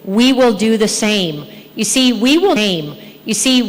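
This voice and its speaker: A woman's voice: a little high, expressive, slow pace. A woman giving a church health talk, earnest and asking her listeners questions. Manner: earnest, asks the audience questions. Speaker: health speaker. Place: church hall. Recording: long hall reverb.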